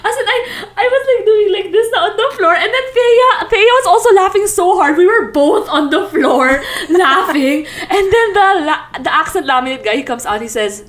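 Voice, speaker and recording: A young Filipino woman with a bright, high voice tells embarrassing stories in a casual podcast chat. She talks in animated bursts and laughs her way through. Her English is mixed with Tagalog. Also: moderate pace, hardly any pauses. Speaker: podcast co-host.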